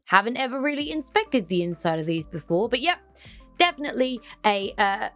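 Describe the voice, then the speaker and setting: A young woman, chatting excitedly through an unboxing and humming little tunes as she goes. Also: fairly high pitch, a little fast, faint music behind. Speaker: unboxing vlogger. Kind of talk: casual unboxing chat.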